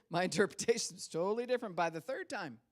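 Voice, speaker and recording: A woman's voice: mid-range voice, lively intonation, fast talker. A middle-aged woman pastor giving a conversational sermon, acting out quoted voices and laughing now and then.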